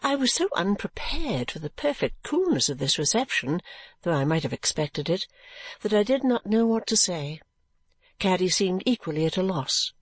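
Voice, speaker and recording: A woman reading a classic novel aloud in a measured, even narration. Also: fairly low pitch, no room sound. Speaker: audiobook narrator. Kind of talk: scripted narration.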